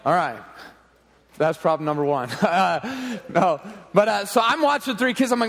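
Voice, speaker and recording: A man in his thirties, a junior high pastor, telling a funny family story in an animated, laughing way. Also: normal speed. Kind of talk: storytelling sermon. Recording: long hall reverb.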